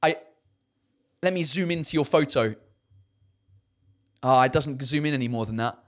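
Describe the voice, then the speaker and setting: A man speaks at normal speed in a medium-pitched voice, reading out viewer comments during a casual live stream. He's a comedian and host who rambles, uses many fillers, and swears once in a while.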